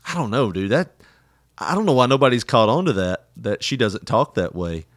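A man's voice: mid-range voice, expressive, normal speed, no echo, studio quality. A man in casual podcast chat who laughs often and talks with lots of fillers. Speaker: podcast co-host.

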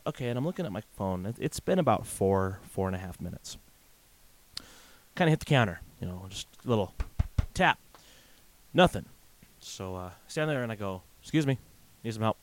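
Lively, rambling man telling a story. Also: on the low side, normal speed. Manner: rambling, with frequent "uh" fillers and restarts. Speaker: podcast host. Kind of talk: casual storytelling monologue. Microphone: desk microphone.

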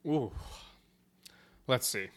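A woman co-hosting a podcast in casual chat, relaxed, laughing along and answering with short replies. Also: drawn-out words. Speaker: podcast co-host.

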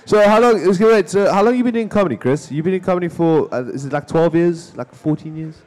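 A man, hosting a podcast and asking his guest quick, eager questions. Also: a little high, darkish tone. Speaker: podcast host. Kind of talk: casual podcast interview.

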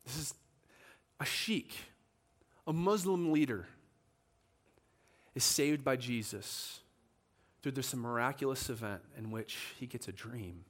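A man's voice: mid-range voice, takes it slowly, pauses often. A man preaching a sermon in a church, telling a story with animation and acting out the voices of the people in it. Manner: animated, acts out quoted voices.

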